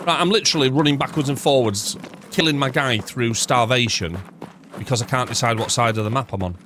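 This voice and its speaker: A man streams a shooter game live, thinking aloud as he plays. He chats with his viewers between moves, tossing in jokes and the odd swear word. His voice sits at an ordinary middle pitch over a faint bed of noise. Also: brisk. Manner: rambling, thinking out loud, chatting to viewers; swears casually, jokey asides. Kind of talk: live gameplay commentary.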